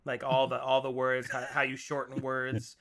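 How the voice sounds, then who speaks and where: A man's voice: mid-range voice, normal speed. A young man running a tabletop game session, chatting casually and laughing often. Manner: laughs a lot, relaxed and joking. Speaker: game master.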